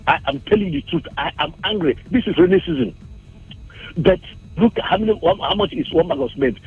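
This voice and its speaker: Nigerian male caller, agitated and repetitive, high lively voice, husky and gravelly, tinny phone line. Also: fairly quick, soft background music. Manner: agitated, repeats that he is angry.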